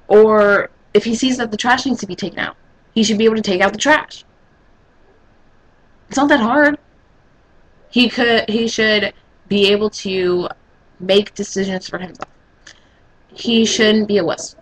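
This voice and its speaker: A woman's voice: normal speed, long pauses, rough recording. Blunt eighteen-year-old woman from Texas. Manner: blunt, opinionated, pitch jumps high when exasperated. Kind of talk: casual opinion vlog.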